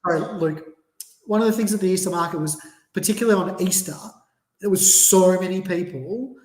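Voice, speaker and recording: An enthusiastic man talks about his craft with a fairly high voice. His voice rings in a roomy, echoey space. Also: a little fast, darkish tone. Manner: enthusiastic and reflective. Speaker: distiller guest. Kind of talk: casual podcast chat.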